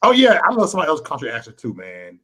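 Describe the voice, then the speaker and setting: Animated, husky-voiced man. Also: fairly high pitch, racing, low-quality recording. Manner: boastful, petty, repeats phrases, profane. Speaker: livestream host. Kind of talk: crude late-night livestream chat.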